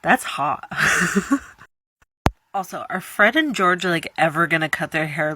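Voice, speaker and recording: A young woman in her twenties talks through a casual reaction vlog with a low, unhurried voice. She is chatty and dramatic, with giggly asides, and sounds worn out and tired. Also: animated, pushed and bright, no echo. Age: 20s. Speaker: vlogger.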